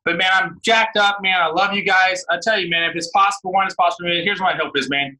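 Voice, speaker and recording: A man in his thirties giving a fired-up motivational pep talk on a team call, shouting often and calling the listeners "guys" and "man". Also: high-pitched, fairly even intonation, quick pace, rough recording. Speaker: guest speaker on a team call.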